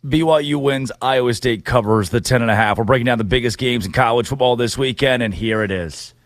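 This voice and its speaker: A man's voice: medium pitch, quick pace, no echo. A man hosting a sports talk show, brash and joking as he gives his picks. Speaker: sports radio host.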